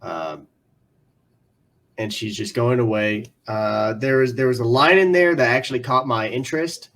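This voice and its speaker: A man's voice: mid-range voice, moderate pace, a bit bright. A man co-hosting a comics podcast in casual chat, hesitant with many ums and uhs. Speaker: podcast co-host.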